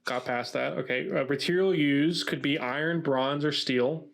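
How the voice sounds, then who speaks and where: A man's voice: on the high side, moderate pace, creaky, low-quality recording. A man co-hosting a podcast, reading research notes aloud in a casual chat and breaking into laughter. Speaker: podcast co-host presenting research.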